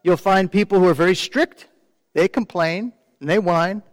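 This high-voiced male pastor delivers his sermon at a moderate pace, chatting with the congregation through questions and slipping into quoted impressions of complainers. There's no echo, though a long reverb tail lingers.

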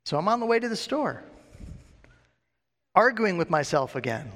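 An earnest man preaches in a sermon, telling his own testimony and acting out his old inner arguments. His voice sits a little high for a man. He keeps putting questions to his listeners, and a long reverb from a large hall trails each line. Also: very animated, normal speed, long pauses, a bit bright. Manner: earnest, asks the congregation questions, acts out his own past thoughts.

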